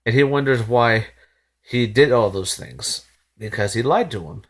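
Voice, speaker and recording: A man's voice: mid-range voice, moderate pace. A man hosting a reaction video, recapping and commenting in a rambling, exasperated way with frequent restarts and sighs.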